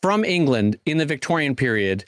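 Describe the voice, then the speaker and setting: A man's voice: mid-range voice, moderate pace, no room sound, clean studio sound. A man co-hosting a podcast, chatting casually and with energy, full of fillers and restarts. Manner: animated, many fillers and restarts. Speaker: podcast co-host. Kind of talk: casual chat.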